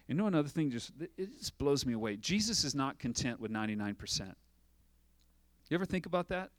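A man's voice: medium pitch, lively intonation, a little fast, no room sound. A man preaching a sermon as pastor, asking rhetorical questions and acting out little dialogues.

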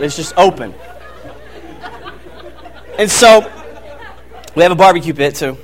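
A young man preaches with a high, bright-toned voice, telling a story with lively animation and frequent laughter. He shifts between playful storytelling and earnest teaching. A faint hum of room ambience sits behind him. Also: unhurried, long pauses, some chatter behind. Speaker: pastor. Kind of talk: storytelling sermon.

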